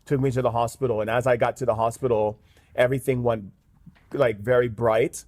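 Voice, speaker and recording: A man's voice: mid-range voice, fairly even intonation, a little fast, a little mellow, no room sound. A man, a guest shaman in an interview, telling a story earnestly with many fillers. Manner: earnest, with frequent "um" and "like".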